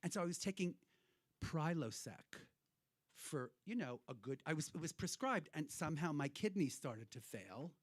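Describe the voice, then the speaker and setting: A man's voice: on the high side, lively intonation, normal speed, no room sound, studio quality. A man hosting a cabaret show, talking to the audience in rambling, irreverent stage banter, swearing freely. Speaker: cabaret host and performer. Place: hotel cabaret room.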